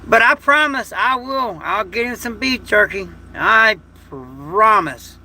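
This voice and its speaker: Male streamer, folksy and emotional, gravelly fry in a high voice. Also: expressive, slow pace, pushed and bright. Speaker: livestream host. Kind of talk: casual livestream chat. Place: home at night.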